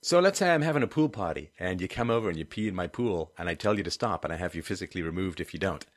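A man hosting a livestream, reading viewer comments and ranting sardonically, swinging between low mutters and loud outbursts. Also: lively intonation, fast. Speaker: host of a call-in and live-chat show.

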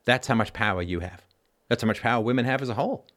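A man's voice: mid-range voice, fast, fairly bright tone. A man hosting a call-in advice show, lecturing emphatically and asking probing questions.

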